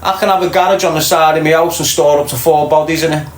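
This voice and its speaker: A man's voice: on the high side, steady tone, fast talker. A middle-aged man with a Liverpool accent hosts a casual livestream, reading viewers' comments and talking bluntly, swearing freely. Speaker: livestream host. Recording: echoey room, faint ambience.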